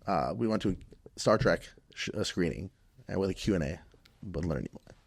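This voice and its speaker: A man's voice: deep voice, lively intonation, a little fast, vocal fry, slightly rough. A man from Minnesota, a podcast guest, telling a casual, rambling story full of restarts and fillers.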